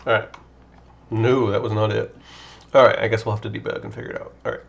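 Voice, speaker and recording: A man's voice: lowish voice, flat delivery, fast, gravelly, muffled recording. A man streaming game development, talking casually and muttering to himself as he debugs code. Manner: muttering to himself while debugging, thinking aloud. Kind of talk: casual live-stream chat while coding.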